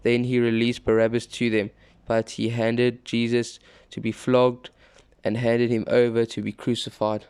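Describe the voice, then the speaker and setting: A man reading a scripture passage aloud, steady and plain, with the odd small slip and restart. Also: mid-range voice, measured pace, smooth. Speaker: scripture reader.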